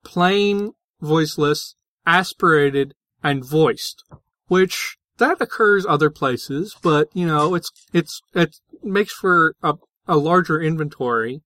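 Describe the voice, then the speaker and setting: A man's voice: a little high, takes it slowly, pushed and bright, dry recording. A man co-hosting a podcast, explaining linguistics in a casual, hesitant way with many fillers and restarts. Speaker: podcast co-host.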